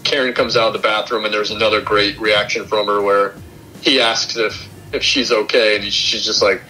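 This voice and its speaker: A man's voice: lowish voice, level tone, moderate pace, bright, forceful tone, poor audio. A young man hosting a podcast, casually retelling a film's plot scene by scene and acting out the characters' lines. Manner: retells film plot step by step, acting out quotes. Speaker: podcast host. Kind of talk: casual film review chat.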